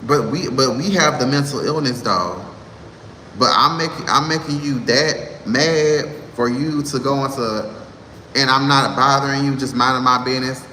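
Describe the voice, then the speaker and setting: A man in his thirties vents in a sassy, exasperated rant. His voice is bright and pointed. A roomy space with a long reverb tail and faint background noise carries it. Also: medium pitch, normal speed. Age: 30s. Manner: sassy, exasperated ranting with laughs. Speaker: vlogger. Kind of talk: heated monologue to camera.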